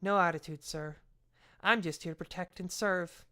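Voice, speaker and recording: A woman's voice: fairly low pitch, normal speed, bright, forceful tone. Sullen male police sergeant, woman reading, curt, short replies, sarcastic.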